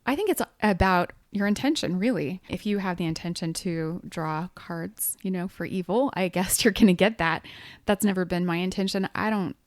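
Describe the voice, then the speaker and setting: A woman's voice: lowish voice, moderate pace, no echo, clean studio sound. A woman co-hosting a casual podcast, explaining tarot cards in a chatty, easy way with bursts of laughter. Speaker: podcast co-host, medium.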